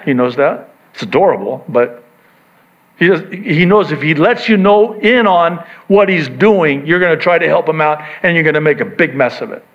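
A male pastor with a fairly high voice preaches in a chatty, storytelling manner. He acts out little dialogues as he goes. The sound is dull and lo-fi. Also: normal speed. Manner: conversational, animated storytelling with acted voices. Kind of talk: sermon.

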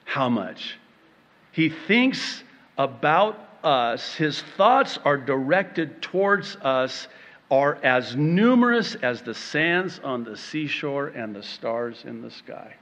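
A man preaching a sermon, slow and dramatic, breaking into playful acted-out quotes and laughter. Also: medium pitch, big pitch swings, fairly bright tone, in a large hall.

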